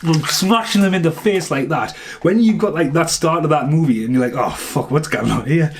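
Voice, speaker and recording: A man's voice: fairly high pitch, normal speed, slight background noise. A man giving a casual, rambling film review, swearing freely and laughing at his own jokes. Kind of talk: casual movie review rant.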